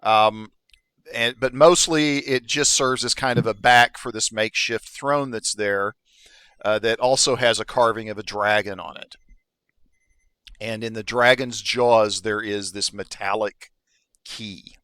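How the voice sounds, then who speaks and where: A man runs a tabletop game, describing scenes in an easygoing, stop-and-start way. His voice is bright and forceful. The sound is dry and close. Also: fairly low pitch, clean tone, dry recording. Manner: relaxed, halting narration with fillers. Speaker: dungeon master.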